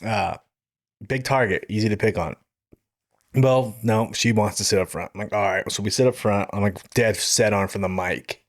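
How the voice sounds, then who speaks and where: A man's voice: fairly low pitch, normal speed, no room sound, clean studio sound. A man co-hosting a podcast, telling a funny night-out story in casual chat, acting out quotes and laughing as he goes. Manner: animated, laughs while telling stories, acts out quotes. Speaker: podcast co-host.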